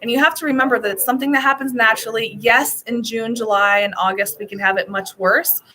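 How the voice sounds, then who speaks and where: A woman's voice: fairly high pitch, steady tone, quick pace, sharp tone, a little hiss or hum. A woman travel agent hosting a casual live stream from a beach resort, chatty and rambling, laughing often.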